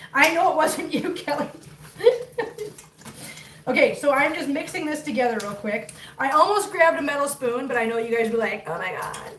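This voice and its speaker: A woman's voice: sits high, fairly bright tone. Chatty woman in an echoey kitchen. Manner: chatty, laughs often, coos baby talk at her cats. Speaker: live-stream host. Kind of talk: casual live-stream cooking chat. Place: home kitchen. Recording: echoey room, mic at a distance, faint noise.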